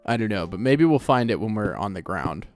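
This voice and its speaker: A man's voice: fairly low pitch, very animated, a little fast, darkish tone. A man hosting a video game let's play, chatting casually, laughing often and talking back to the game. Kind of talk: casual gameplay commentary. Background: game music.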